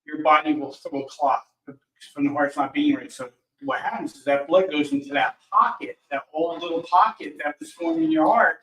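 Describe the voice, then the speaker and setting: A man recounts his story in a loose, conversational way, replaying dialogue beat by beat. His voice sits a little high. The mic is some way off, and the room adds a noticeable echo. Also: normal speed, fairly bright tone. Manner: retells dialogue with lots of "he goes". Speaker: guest. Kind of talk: casual storytelling. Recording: roomy, distant mic.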